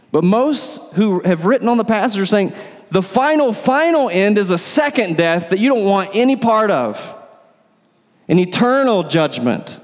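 Male pastor, sermon, explaining and asking questions, slightly high voice, long reverb. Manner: explanatory preaching with rhetorical questions.

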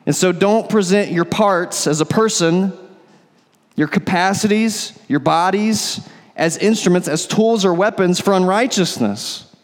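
A man's voice: sits high, unhurried. Man preaching in a reverberant hall. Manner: explanatory preaching with rhetorical questions. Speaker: pastor. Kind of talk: sermon.

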